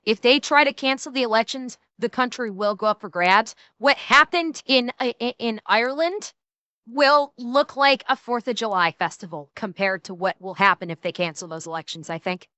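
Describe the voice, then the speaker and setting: A woman's voice: on the high side, normal speed, bright, forceful tone, smooth, dry recording. A woman co-hosting a reaction stream, chatting casually and laughing along.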